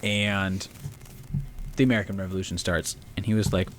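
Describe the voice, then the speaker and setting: A man co-hosts a casual, comedic history podcast, swearing a lot and animatedly acting out historical figures in goofy voices. His voice sits low at a moderate pace with frequent pauses, over a little hiss or hum.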